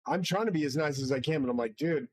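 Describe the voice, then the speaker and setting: Profane, rambling man with a higher voice. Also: racing, no echo, poor audio. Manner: profane, grandiose, combative. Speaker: channel host. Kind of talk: rambling solo monologue. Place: his own studio.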